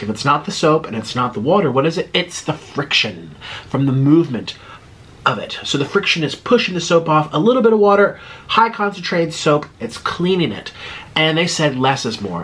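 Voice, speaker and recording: A man's voice: on the high side, fairly bright tone, slightly rough. A man in his thirties talking casually and breathlessly to camera, chatty and digressive with lots of fillers. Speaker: mukbang vlogger. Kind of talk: casual rambling monologue.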